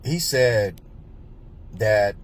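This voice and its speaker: A man's voice: fairly low pitch, expressive, drawn-out words. A man in his forties from New Jersey, telling a personal story in a rambling way with many fillers and repeats. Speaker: vlogger.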